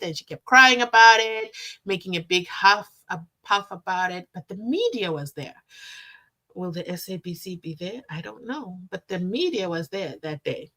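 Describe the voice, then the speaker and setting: A woman's voice: on the low side, moderate pace. Chatty woman streaming live. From South Africa. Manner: animated, chatty, breaks into sing-song. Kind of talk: casual live-stream chat reading comments.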